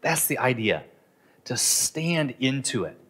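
A man's voice: medium pitch, sing-song, slow pace, fairly bright tone, husky. A middle-aged man preaching a sermon in an earnest, conversational way, now and then acting out the inner voices of his listeners. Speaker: pastor. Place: Southeast Asia.

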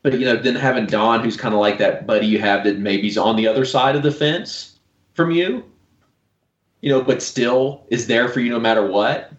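A man's voice: mid-range voice, moderate pace, dull audio. Southern guy rambling about his comic, lots of "like", kinda roomy sound. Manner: rambling, self-deprecating, frequent "like". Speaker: comic creator, guest. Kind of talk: casual podcast chat. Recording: roomy echo.

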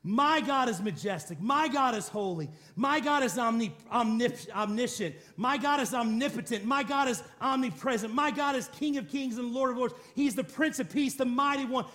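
A man's voice: very high voice, expressive, moderate pace, a bit bright, a faint crowd. A man preaching a sermon, driving his points home with repeated declarations and rhetorical questions, and calling on the congregation to respond. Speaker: pastor.

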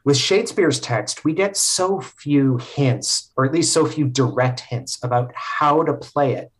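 A man talking as a podcast guest at a mid-range pitch. He explains things thoughtfully and casually, pausing on frequent fillers as he works through a story. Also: lively intonation.

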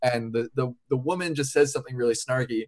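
Man, casual chat, animated storyteller, quotes scenes, middle pitch. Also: fast talker, dry recording.

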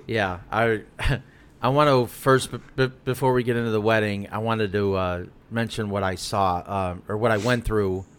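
A man's voice: fairly low pitch, steady tone, normal speed, clean tone. A young man co-hosting a podcast in casual chat, telling a story with plenty of fillers and restarts. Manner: rambling, lots of fillers and restarts. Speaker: podcast co-host.

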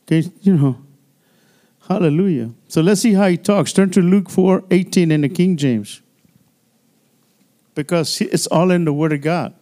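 A man's voice: high-pitched, moderate pace, pauses often, warm tone. A male pastor preaching a sermon in a loose, conversational way, full of "you know" and "hallelujah", often repeating and restarting words.

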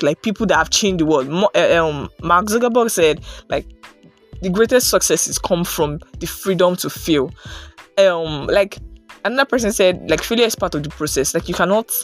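A young woman giving an earnest, casual motivational talk. She fills her speech with "like" and "right?". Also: on the low side. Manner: earnest, animated, many fillers like "like" and "right?". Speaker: motivational podcaster.

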